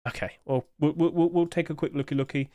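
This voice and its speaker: A man's voice: fairly high pitch, steady tone, quick pace, warm tone, no echo. A man hosting casual commentary, chatty and hedging, with apologetic asides, recorded at home on a desk mic. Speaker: host.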